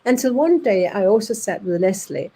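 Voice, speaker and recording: A mid-range female voice with a breathy edge comes through poor audio. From Denmark and with a Danish accent, she shares animated anecdotes at an audience evening, impersonating voices along the way and sometimes restarting her sentences.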